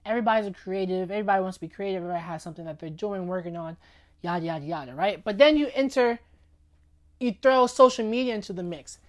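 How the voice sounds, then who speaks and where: Speaking quickly at a medium pitch, this woman chats her way through an informal faith talk. She constantly asks her listeners "right?" and "you know what I'm saying?" to keep them with her.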